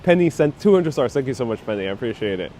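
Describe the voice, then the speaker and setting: A man's voice: mid-range voice, big pitch swings, quick pace, warm tone, slight background noise. A man hosting a casual live stream outdoors on a rainy city street, joking, self-deprecating and reading chat messages aloud through a clip-on mic. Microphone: wireless clip-on mic on a phone rig.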